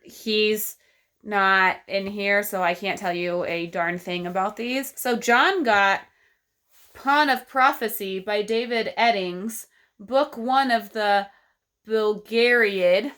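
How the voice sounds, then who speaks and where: A woman's voice: mid-range voice, slow, a bit bright, clear, resonant tone. A young woman from Texas with a Texan accent, chatting casually about books in a vlog and laughing easily. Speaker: book vlogger. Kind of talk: casual chat.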